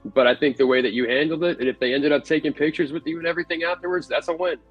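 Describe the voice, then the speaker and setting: A man who works as a haunt actor and manager, giving measured, blunt advice in a casual livestream chat. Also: fairly high pitch, steady tone, husky, muffled recording, soft background music.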